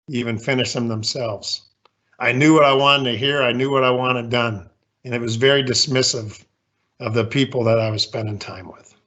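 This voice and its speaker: A man's voice: medium pitch, pushed and bright. A man in his sixties giving a candid, folksy, self-deprecating leadership talk with slides as a guest speaker.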